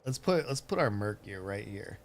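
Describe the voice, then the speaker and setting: A man's voice: on the low side, animated, normal speed, slight background noise. A man streaming a game, chatting casually in a rambling way that keeps breaking off and often turns into laughter. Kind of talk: casual live-stream chat.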